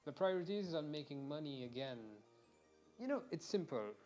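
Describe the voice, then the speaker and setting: A man's voice: fairly high pitch, expressive, moderate pace, a little mellow, soft background music. A young man from Mauritius, ranting casually and animatedly during a game stream, swearing and restarting sentences.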